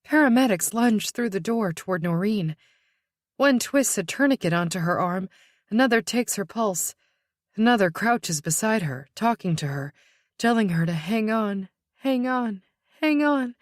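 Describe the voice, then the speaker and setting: A woman narrating an audiobook in a tense, measured voice that sinks to a whisper at dark moments. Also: medium pitch, lively intonation, no room sound, studio quality. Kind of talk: scripted narration.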